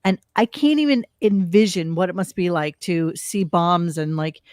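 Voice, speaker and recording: A woman's voice: lowish voice, moderate pace, darkish tone, no room sound. Woman, co-host, blunt chatty delivery, dry close sound. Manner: blunt and chatty, thinks aloud. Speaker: podcast co-host. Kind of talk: casual chat.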